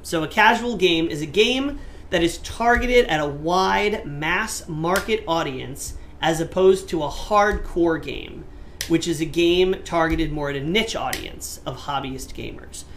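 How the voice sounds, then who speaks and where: A man's voice: high-pitched, fairly bright tone, a little hiss or hum. A man hosting a casual gaming podcast, asking playful, mock-dramatic questions. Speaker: podcast host.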